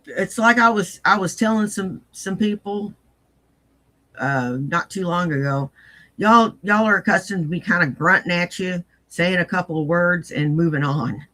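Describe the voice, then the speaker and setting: A woman's voice: fairly low pitch, normal speed, a bit bright, low-quality recording. An older woman hosting casual commentary, rambling bluntly and poking fun at herself in a folksy way. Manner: blunt, self-mocking, folksy. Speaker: commentary host.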